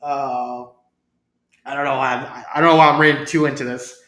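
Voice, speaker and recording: A man's voice: mid-range voice, steady tone, moderate pace, bright, forceful tone. A man reading fanfiction aloud, often breaking off to comment, stumbling over words and giggling at the text. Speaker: fanfiction reader. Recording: roomy echo.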